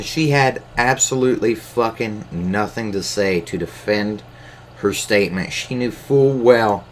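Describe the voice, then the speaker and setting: A man talking off the cuff in a fairly low voice, stumbling through plenty of ums and uhs and cursing freely. He is recorded on a camera mic, with a faint hiss of noise underneath. It sounds like an unscripted solo podcast. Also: a little slow. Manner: hesitant, lots of fillers, profane. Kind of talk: casual rambling monologue.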